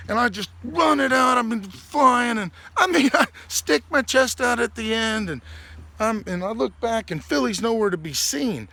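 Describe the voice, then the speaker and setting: Gravelly profane man telling stories. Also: sits high, animated, normal speed, pushed and bright. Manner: rambling, profane, laughs through the story. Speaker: podcast host. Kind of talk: casual storytelling monologue.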